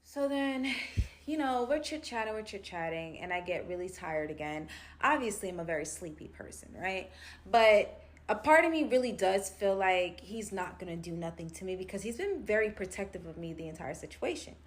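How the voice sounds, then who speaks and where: A young adult woman casually narrating a personal story to her viewers, animated and chatty, calling them "y'all" and leaning on "like". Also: fairly low pitch, normal speed. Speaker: storytelling vlogger.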